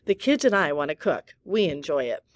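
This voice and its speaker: A woman voicing a gruff but kind middle-aged father on a farm, friendly in tone. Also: deep voice, big pitch swings, a little fast, dry recording.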